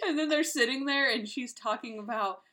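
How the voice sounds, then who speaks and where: A woman co-hosting a casual podcast, eagerly recapping a TV episode. She talks in quick bursts, filling her story with "like". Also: fairly high pitch. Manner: lively retelling with lots of "like". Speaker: podcast co-host.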